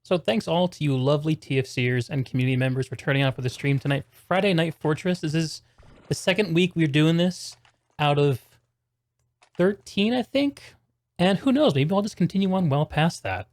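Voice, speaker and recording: A man's voice: on the high side, normal speed, darkish tone, no room sound, studio quality. A man hosting a live stream and commentating a competitive video game match, chatty and upbeat, calling the viewers "y'all".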